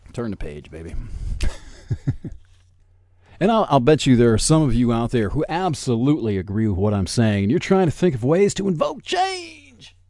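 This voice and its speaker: A man's voice: mid-range voice, wildly swooping pitch, normal speed, few pauses, a little mellow, dry recording. A man in his forties hosting a solo podcast, ranting in a sarcastic, combative and profane way. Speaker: podcast host.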